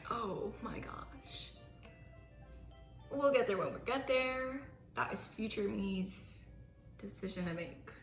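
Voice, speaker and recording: A woman's voice: mid-range voice, slow pace, pauses often. A young woman vlogging while she bakes at home, chatty, self-mocking and dramatic. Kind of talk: casual baking vlog chat. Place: home kitchen. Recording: echoey room with faint music.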